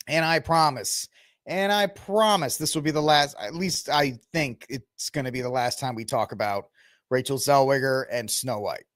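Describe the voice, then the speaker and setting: A man's voice: mid-range voice, moderate pace, a bit bright, no room sound, clean studio sound. A man hosting his own podcast, chatting casually and rambling through sports and movie talk while he looks things up. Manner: chatty, rambling, talks to the audience while browsing the web. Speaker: podcast host. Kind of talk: casual solo commentary.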